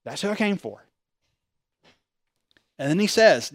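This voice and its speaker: Animated man preaching, high voice. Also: moderate pace, long pauses, no echo, studio quality. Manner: animated preaching with rhetorical questions and bursts of loudness. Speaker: pastor. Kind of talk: sermon.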